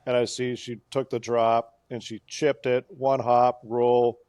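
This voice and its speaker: Male co-host, mid-pitched, excitable play-by-play storyteller, dry close recording. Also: unhurried, no room sound. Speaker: podcast co-host. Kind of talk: casual golf podcast chat.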